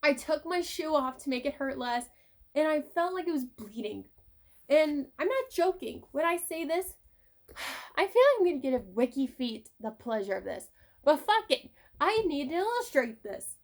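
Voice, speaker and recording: A young woman vlogger telling personal stories in a casual, animated way, swearing now and then. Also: sits high, normal speed. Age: young adult. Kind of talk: casual storytelling vlog.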